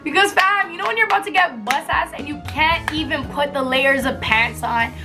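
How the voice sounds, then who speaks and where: A young woman telling a story as a vlogger in a casual, animated, blunt way, laughing often and using slang. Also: high-pitched, normal speed, music in the background.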